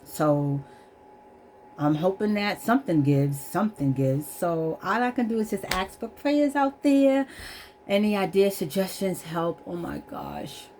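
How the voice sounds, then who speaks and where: A woman's voice: mid-range voice, animated, measured pace, a little mellow, slight background noise. A middle-aged woman telling a candid, earnest personal testimony about her struggles, repeating herself and holding back tears. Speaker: vlogger.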